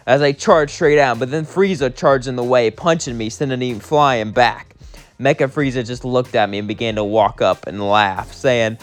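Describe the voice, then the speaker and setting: A man's voice: mid-range voice, normal speed, faint music behind. Chatty young man narrating a fan story. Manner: casual, chatty, often quiet.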